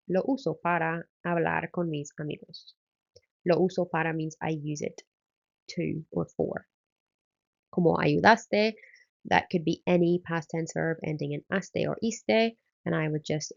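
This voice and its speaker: A woman's voice: deep voice, vocal fry, a little mellow, highs cut off. A woman, a Spanish teacher, explaining exam answers step by step in a recorded lesson and often starting with um.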